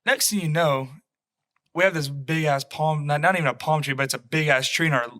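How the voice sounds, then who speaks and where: Bright, animated young podcast guy. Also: a little high, a little fast, dry recording, studio quality. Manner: animated, slangy, acts out quotes. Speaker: podcast co-host. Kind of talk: casual storytelling.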